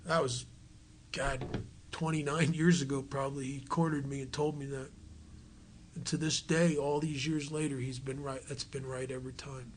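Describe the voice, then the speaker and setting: A man's voice: mid-range voice, flat delivery, normal speed, a little hiss or hum. A man giving a folksy story talk at a recovery retreat, acting out the voices of the people he quotes.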